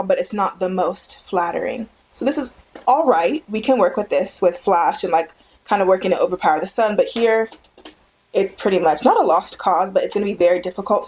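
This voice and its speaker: A young woman hosts a photography tutorial, talking straight into the camera in a friendly, relaxed way at a middle pitch, her tone darkish and a little rough. She's chatty and enthusiastic, hammering points home by repeating them. It feels like a casual indoor vlog under a studio light, captured on the camera's built-in mic.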